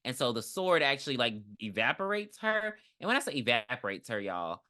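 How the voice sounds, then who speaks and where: A woman podcast co-host recapping a movie in a casual, profane, animated way, acting out lines as she goes. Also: a bass voice, fairly quick.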